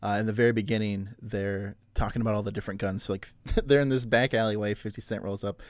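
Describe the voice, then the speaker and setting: A man's voice: lowish voice, steady tone, fast talker, no echo. Joking man co-hosting a dry-sounding podcast. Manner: joking, laughs often. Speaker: podcast co-host. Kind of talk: casual chat.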